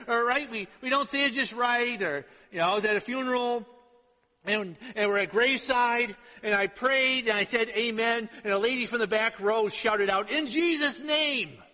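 A man's voice: very high-pitched, pushed and bright. A man preaching a sermon as pastor, chatty and informal, often asking the congregation "right?" to check they follow. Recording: long hall reverb.

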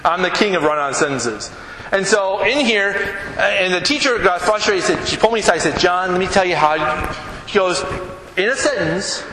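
Animated, high-voiced man preaching a sermon. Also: fairly quick, reverberant, big-room sound, slight background noise, poor audio. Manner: animated, folksy, joking with the congregation. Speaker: pastor. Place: church sanctuary.

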